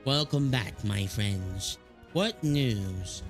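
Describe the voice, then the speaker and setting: A man's voice: lowish voice, expressive, drawn-out words, faint music behind, voice pushed down, exaggerated voice. A man reading as a formal woman admiral. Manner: reading lines in a plain, lightly acted voice.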